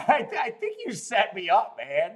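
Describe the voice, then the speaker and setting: A man hosting a horse racing betting livestream, talking casually in animated, laughing rants and stammering often. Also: high voice, normal speed.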